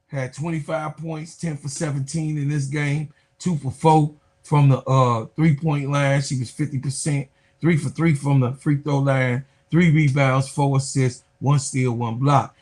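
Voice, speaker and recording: A man hosting a sports podcast, giving excitable, loud, casual commentary and talking straight to his viewers. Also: on the high side. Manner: excitable, loud, chatty, talks to viewers as y'all.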